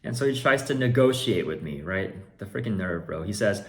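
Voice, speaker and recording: A man's voice: fairly low pitch, animated, a little fast, hardly any pauses. A man who runs an online card shop, telling a story in a casual vlog with exasperated, sarcastic asides.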